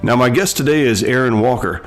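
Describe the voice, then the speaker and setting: A man's voice: medium pitch, brisk, faint music behind. A man from Tennessee hosting a podcast, talking in an earnest, conversational way. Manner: earnest, conversational, with small restarts. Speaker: podcast host. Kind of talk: casual interview.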